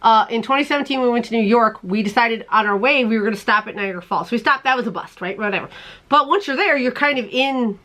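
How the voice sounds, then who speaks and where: A woman hosting a crafting channel, telling stories in a casual chat, animated and quick to laugh as she acts out her own panic. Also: fairly high pitch.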